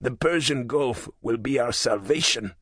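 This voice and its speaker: A man narrating an audiobook voices a fervent hardline male politician, raspy, harsh and impassioned. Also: mid-range voice, unhurried, fairly bright tone, no echo, clean studio sound. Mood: scheming. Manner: impassioned, intense.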